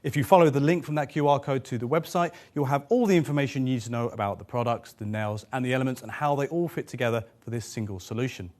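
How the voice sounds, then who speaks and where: A man's voice: mid-range voice, fast, hardly any pauses, a little mellow. A man presenting a power tool demonstration in an upbeat, explanatory way. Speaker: product demonstrator.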